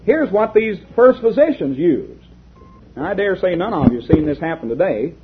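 Man, sermon, rhetorical questions, high lively voice, phone-like audio. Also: normal speed, husky. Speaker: preacher. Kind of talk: sermon with read-aloud story. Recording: lo-fi tinny recording.

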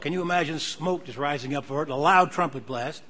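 An older man delivers a sermon in a slightly higher voice than most men. He talks through the passages in an easy, conversational way, then reads the verses aloud with building force. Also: a little fast, hardly any pauses, pushed and bright. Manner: conversational Bible teaching, reads scripture aloud with rising emphasis. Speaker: preacher.

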